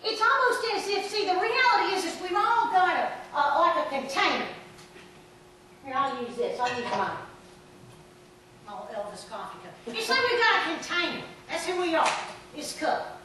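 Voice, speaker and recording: Woman pastor, folksy sermon with sudden shouts, high bright voice, echoey church from far off. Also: normal speed, noisy background. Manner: folksy storytelling with animated shouts. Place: church sanctuary.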